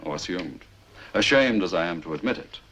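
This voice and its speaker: A man's voice: deep voice, expressive, brisk, a bit bright, muffled recording. A man acting in a 1960s television drama, suave and ironic, with a theatrical turn of phrase. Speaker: gentleman adventurer.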